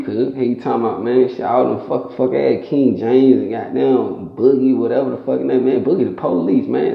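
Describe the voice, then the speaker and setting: A man's voice: mid-range voice, vocal fry. A young man telling rambling, profane street stories in a casual way. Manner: rambling, profane street storytelling with frequent laughs. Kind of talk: casual storytelling. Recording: echoey room, dull lo-fi sound.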